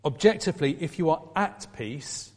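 A middle-aged man delivering a sermon in a church. His voice sits a little higher than most men's, and he slips into easy, chatty asides to the people in front of him. The sound carries a long reverb from the hall. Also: animated, normal speed, a little mellow. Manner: conversational, asides to the congregation. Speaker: preacher.

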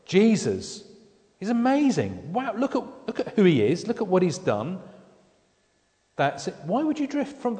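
A man preaching a sermon in a relaxed, conversational way, with dry joking asides. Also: mid-range voice, long reverb tail.

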